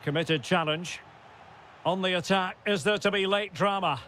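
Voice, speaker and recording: An excitable, bright football caller. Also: male voice, high-pitched, normal speed, slight background noise. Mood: lively. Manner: short calls that rise sharply at chances and goals. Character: excitable male football play-by-play commentator. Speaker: play-by-play football commentator. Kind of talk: video game match commentary.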